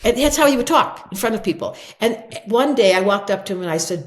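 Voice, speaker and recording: An older woman, an astrologer guest in an interview, telling stories expressively and acting out quotes in brighter voices. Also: mid-range voice, animated, fast. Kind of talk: animated interview storytelling.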